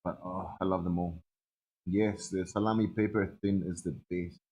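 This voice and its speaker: A man's voice: deep voice, fairly even intonation, moderate pace, a little mellow. A man giving brief, laid-back replies in casual chat, off to the side.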